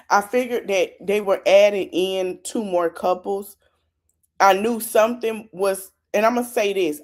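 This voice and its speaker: Chatty woman podcaster recapping a show. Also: medium pitch. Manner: chatty, talks straight to her listeners. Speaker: podcast host. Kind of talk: casual reality-show recap.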